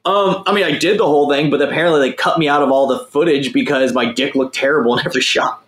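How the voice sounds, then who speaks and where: A man's voice: fairly high pitch, steady tone, fast, a bit bright, echoey room. A young man telling a crude, rambling story in a casual chat, swearing often and mocking himself. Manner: profane, rambling, self-mocking.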